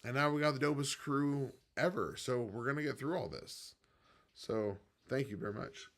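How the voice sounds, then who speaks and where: Speaking at a moderate pace, a man who owns a business hosts a casual late-night livestream from his home. He wanders off on tangents, swinging between quiet, low musing and loud, excited bursts.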